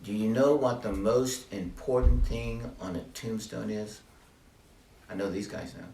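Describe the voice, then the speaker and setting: A man's voice: on the low side, measured pace, vocal fry, warm tone, echoey room, far from the mic, a little hiss or hum. An older man giving a testimony talk to a small group, earnest and preacherly, repeating his key phrases. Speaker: ministry speaker.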